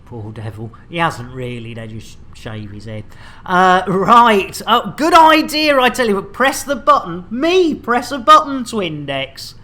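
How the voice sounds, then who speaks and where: A man's voice: high voice, lively intonation, measured pace, pushed and bright. A man casually bantering while streaming a game, rambling and joking with laughs. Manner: jokey, rambling, laughs a lot.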